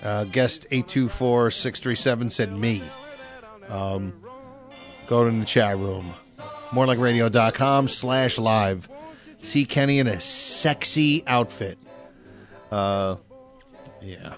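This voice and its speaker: A man's voice: mid-range voice, slow pace, faint music behind. A man co-hosting a comedy podcast, chatting loosely with lots of ums, uhs and swearing. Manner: loose, profane, filler-heavy. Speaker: podcast co-host. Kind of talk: casual comedy podcast chat.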